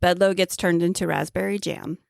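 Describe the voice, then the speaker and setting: A woman co-host chats about a movie, hesitating often with little fillers as she builds her point. Her voice is lower than most women's, and the sound is dry and close with no room echo. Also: fairly even intonation, brisk, vocal fry. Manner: chatty, hesitant with "um" and "like". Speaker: podcast co-host. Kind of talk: casual chat recapping a film.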